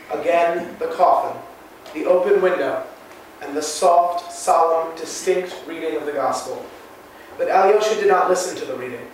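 A man narrating a classic novel in a measured, solemn way. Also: sits high. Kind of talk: audiobook reading of a classic novel. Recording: very echoey room, mic far off, faint hiss.

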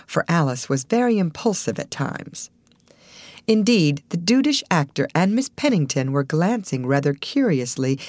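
A woman reading a classic novel aloud as an audiobook narrator, in an expressive scripted narration. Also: very deep voice, no room sound. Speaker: audiobook reader.

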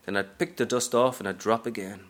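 A man's voice: fairly low pitch, fairly even intonation, fairly quick, fairly bright tone, slight background noise, lightly acted. A man reading aloud from a novel, narrating as a brash, streetwise aging woman hustler in a sassy first-person style.

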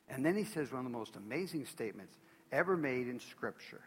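A man's voice: mid-range voice, animated, brisk, slightly rough, in a large hall. A man preaching as a pastor, earnest and emphatic, pleading with his listeners. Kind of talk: sermon.

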